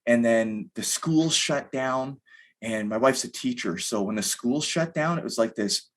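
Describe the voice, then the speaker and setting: A man in his thirties telling a story on a podcast in a loose, rambling way, with plenty of fillers. His voice sits at a middle pitch. The talk is casual and candid. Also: unhurried, a bit bright. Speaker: podcast guest. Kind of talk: casual conversation.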